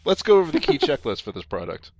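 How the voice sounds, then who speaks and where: A man's voice: a little high, wildly swooping pitch, quick pace, no echo. Man reading ad copy aloud, laughing. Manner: stumbling, laughing reader. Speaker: podcast co-host reading product copy. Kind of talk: casual comedic reading aloud.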